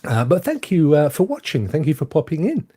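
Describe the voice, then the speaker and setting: A man's voice: a little high, huge pitch swings, fairly quick, warm tone, breathy edge. An English man hosting a casual live-streamed chat show, joking, poking fun at himself and laughing often. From England. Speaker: host.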